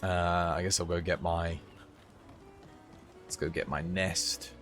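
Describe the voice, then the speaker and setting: A man streaming live and chatting casually as he plays, given to high giggling fits. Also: fairly even intonation, takes it slowly, a bit bright, faint music behind. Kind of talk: live gameplay commentary.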